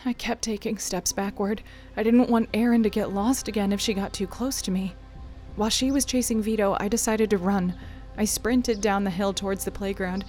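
A woman's voice: mid-range voice, fairly even intonation, moderate pace, a little mellow, soft background music. Tense young woman narrating a drama. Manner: tense, often raising her voice. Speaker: narrator and lead character. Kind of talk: first-person audio drama narration.

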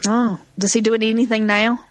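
A woman's voice: on the high side, little pitch movement, normal speed, a crowd in the background. A woman co-hosting a casual chat, chatty and enthusiastic. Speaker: podcast co-host.

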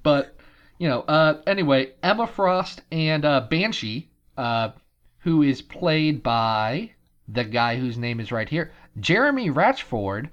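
Podcast host guy, animated, slightly high pitch, muffled lo-fi sound, sarcastic recap chatter. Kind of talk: casual chat.

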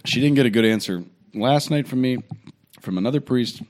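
A man's voice: mid-range voice, fairly quick, darkish tone. A man in his thirties, a priest hosting a podcast, chatting casually in a joking, rambling way. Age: 30s. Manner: joking, rambling, self-deprecating.

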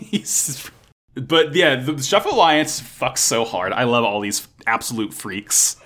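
A man casually recapping a show episode with a podcast co-host, excited and swearing freely. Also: mid-range voice. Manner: excited, swears a lot, quick restarts.

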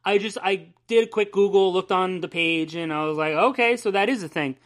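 Rambling and profane, a young co-host jokes his way through a casual comics news podcast. He talks fairly quickly in a high, slightly bright voice.

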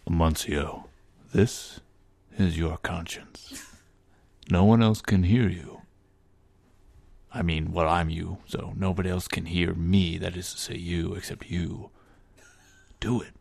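Guy doing a deep gravelly conscience voice, whispery and pushy, dry sound. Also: fairly even intonation, takes it slowly, pauses often, a little mellow, no room sound, heavily acted. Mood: coaxing. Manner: whispering, coaxing. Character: man's inner conscience, male, hushed and coaxing.

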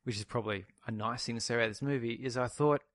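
A man's voice: medium pitch, fast talker, fairly bright tone. A man from Australia co-hosting a casual podcast, telling a wry personal anecdote. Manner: anecdotal, wry, laughs at his own story. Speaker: podcast co-host. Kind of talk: casual chat.

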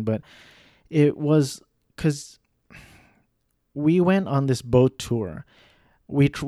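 Mellow-voiced man rambling through a story. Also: medium pitch, no room sound, studio quality. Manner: rambling, self-deprecating, with profanity and frequent restarts. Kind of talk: casual storytelling monologue.

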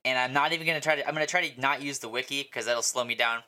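A man co-hosting a podcast, rambling excitedly through a casual episode recap with lots of fillers and swearing. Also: mid-range voice, rapid-fire. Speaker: podcast co-host.

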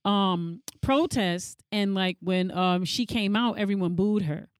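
A woman co-hosting a casual chat, telling stories with lively energy and acting out what others said. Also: measured pace, no echo. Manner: animated storyteller, acts out quotes in a high voice.

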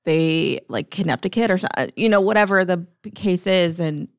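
Midwest woman, guest on a podcast, lowish voice, chatty, dry close sound. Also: normal speed, vocal fry, no room sound. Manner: chatty, easily spooked. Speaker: guest, host's wife. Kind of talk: casual chat.

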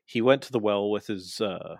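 A man with a fairly low voice chats excitedly about wrestling. He tells the matches like a story and drops into the wrestlers' voices now and then. The sound is close and dry, with no room around it. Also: normal speed, no echo. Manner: enthusiastic storytelling, acts out wrestlers' lines; frequent fillers and restarts. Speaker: wrestling show co-host. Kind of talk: casual recap chat.

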